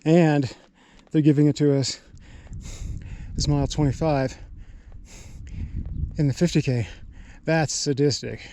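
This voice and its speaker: Tired guy puffing up a trail, talks slow and a bit high, noisy outdoor mic. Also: steady tone, warm tone. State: out of breath. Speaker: trail runner vlogging a race. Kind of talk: breathless self-filmed race diary. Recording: noisy outdoor camera audio.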